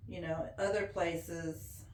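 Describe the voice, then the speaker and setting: Her voice is lowish and fairly even as this forties-aged woman, with a mixed Appalachian and Ozark accent, talks in a slow, homey, folksy manner during an oral history interview, laughing now and then. There's a roomy echo plus a little hiss or hum.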